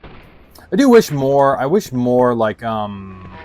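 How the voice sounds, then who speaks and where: A let's play streamer gives casual, rambling gameplay commentary, swearing heavily and leaning on "like" constantly. His medium-pitched voice swings widely in pitch, moves at a slow pace, and has a darkish tone. The low-quality recording carries slight background noise.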